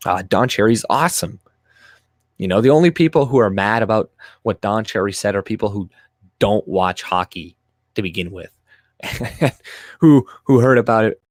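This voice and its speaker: A young man with a lowish voice, his first language French, talks straight into a close mic in a dry, dead room. He rants to his livestream chat, swearing freely and mocking in a sarcastic tone. The delivery is loose and off the cuff. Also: brisk, no room sound. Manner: profane, ranting, sarcastic. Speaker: livestream host. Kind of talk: casual livestream chat, reading comments aloud.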